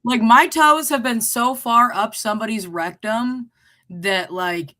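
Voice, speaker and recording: A woman's voice: fairly high pitch, measured pace, pushed and bright. A woman co-hosting a podcast, teasing and joking in a playful, mock-earnest tone. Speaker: podcast co-host. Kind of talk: joking casual chat.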